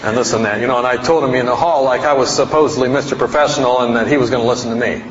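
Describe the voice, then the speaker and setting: A man's voice: mid-range voice, racing, a crowd in the background. A man preaching a storytelling sermon to a congregation, folksy and rambling, with self-mocking humor. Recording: roomy hall, dull sound, faint noise.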